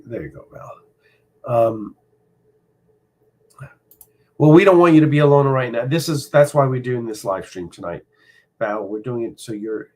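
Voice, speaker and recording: A middle-aged man hosting a casual live stream from home, speaking personally and reflectively, halting often with fillers. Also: lowish voice, a little mellow, slightly rough. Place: home room.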